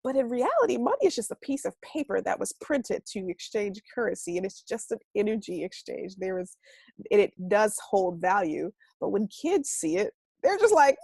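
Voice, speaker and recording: Woman, self-love coach; casual and expressive, mid-pitched, dry close recording. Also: moderate pace, vocal fry, breathy edge, no room sound. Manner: animated and expressive, acting out quoted voices; casual speech with mild swearing. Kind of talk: casual conversational teaching.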